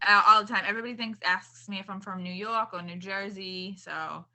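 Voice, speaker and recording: Bright-voiced Boston woman. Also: mid-range voice, fairly even intonation, brisk. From Boston, Massachusetts. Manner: chatty, filler-heavy with "like" and "um". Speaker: guest. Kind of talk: casual interview chat.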